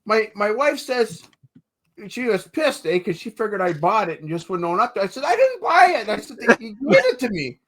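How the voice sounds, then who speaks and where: A man's voice: sits high, animated, normal speed, a bit bright. A man guesting on a podcast, telling stories in a chatty way and tagging sentences with "eh" and "right". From Canada. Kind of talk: casual storytelling chat.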